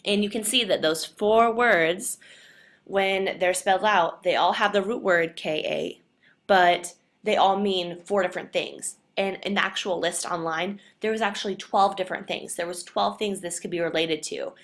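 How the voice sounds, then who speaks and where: A woman's voice: mid-range voice, moderate pace. A young woman presenting to a class, explaining points in an earnest way and leaning on the word "definitely". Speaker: student presenter.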